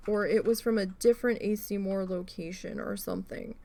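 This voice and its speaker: A woman hosting a craft livestream, casually telling a story with animated swearing while she works. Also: mid-range voice, fairly quick, gravelly. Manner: animated, profane, acts out quoted people.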